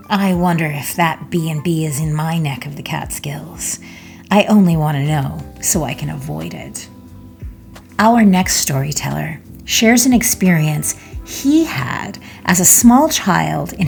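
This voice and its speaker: Woman hosting a ghost story podcast, slow and gravelly, low voice, faint music under. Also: lively intonation. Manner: slow, soft, measured. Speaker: podcast host. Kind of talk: podcast narration.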